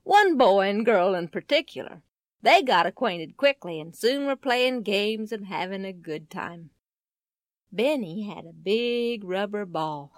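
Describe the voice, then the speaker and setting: A woman narrating a children's story in an expressive, lively storytelling manner. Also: mid-range voice, dry recording, clean studio sound.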